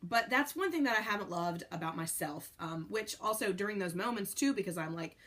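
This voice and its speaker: A woman's voice: mid-range voice, lively intonation, a little fast, fairly bright tone. A young pregnant woman talking candidly to the camera in a rambling, casual way, with many fillers. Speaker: pregnant vlogger.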